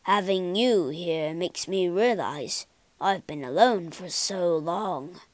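A woman voicing a gruff, lonely male beast who growls in a low voice. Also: expressive, takes it slowly, a bit bright, dry recording.

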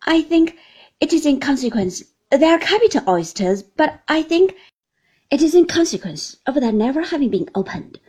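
A woman's voice: sits high, sing-song, normal speed, warm tone, voice pushed up. A woman voicing a cheerful, good-natured young man who rambles earnestly. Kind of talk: audiobook character reading.

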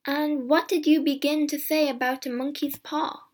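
A woman's voice: high voice, fairly even intonation, normal speed, a little mellow, pitched above the performer's own voice, natural voice. Woman reading as an eager old man. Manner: eager, coaxing. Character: elderly man, curious and eager. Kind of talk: storybook reading.

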